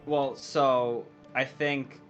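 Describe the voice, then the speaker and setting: Mid-pitched man describing his character. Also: little pitch movement, extremely slow, lo-fi sound, soft background music. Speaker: player. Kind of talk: casual tabletop play chat.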